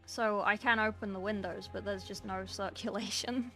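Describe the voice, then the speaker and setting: A woman's voice: medium pitch, fairly even intonation, moderate pace, fairly bright tone, soft background music. A young woman chatting casually on a livestream while painting miniatures, reading and answering her chat from a small room at home. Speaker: streamer.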